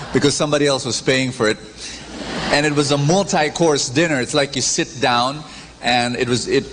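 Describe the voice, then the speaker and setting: A preacher giving a lively sermon, acting out stories and calling for audience responses. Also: male voice. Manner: animated storytelling, acts out characters with big pitch swings. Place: large church. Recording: reverberant church hall, faint background noise.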